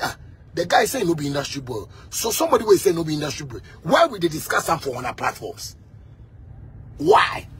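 A man with a Ghanaian accent delivering a heated rant, repeating himself and bursting into shouts. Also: on the high side, breathy edge. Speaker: musician.

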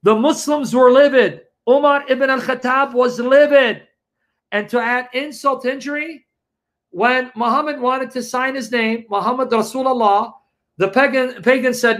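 A man's voice: very high-pitched, moderate pace, fairly bright tone. A man telling a story as commentary in an emphatic, incredulous way, acting out the quotes. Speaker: religious debate show co-host.

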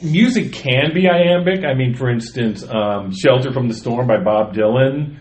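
A man's voice: medium pitch, unhurried, few pauses, darkish tone. A man on a podcast, chatting casually and reading his own poems aloud. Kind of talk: casual chat.

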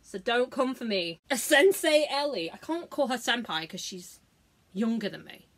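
A woman's voice: a little high, expressive, normal speed, heavy background noise. A woman, chatting casually through a makeup tutorial, sweary, giggly and self-mocking. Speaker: beauty vlogger.

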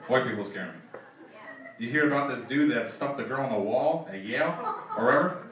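A man's voice: medium pitch, brisk. A man doing a stand-up comedy set on a club stage, telling stories with acted-out dialogue. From Philadelphia, United States. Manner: lively storytelling with acted dialogue. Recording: echoey club, distant mic, audience noise. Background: audience laughter.

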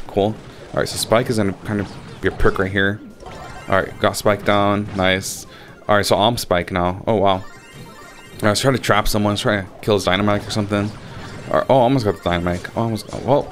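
A young man giving casual gameplay commentary, swearing freely and getting loudly frustrated. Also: fairly low pitch. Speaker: gaming channel host.

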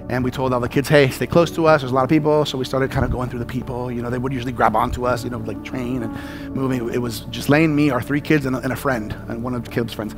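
A man preaching a sermon as a pastor, telling a story with animated delivery and acting out panicked shouts and dialogue. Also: medium pitch.

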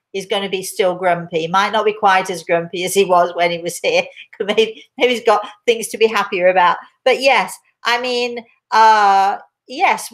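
An older woman with an English accent, a spiritual medium answering viewer questions in a gentle, rambling way with many restarts. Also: on the low side. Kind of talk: live Q&A chat.

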